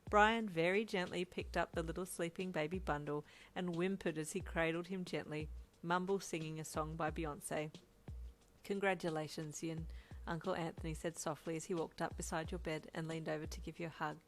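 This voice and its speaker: A woman narrating a fan fiction story in a steady, low-key way. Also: brisk.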